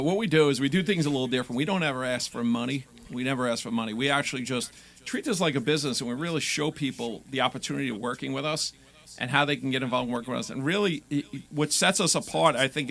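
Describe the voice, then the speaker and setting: A man speaks as a guest in a radio studio, with a bright, forceful tone and a gravelly edge. He talks fast and makes his points with confident, pitch-like conviction. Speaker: guest, real estate investor. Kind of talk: radio interview.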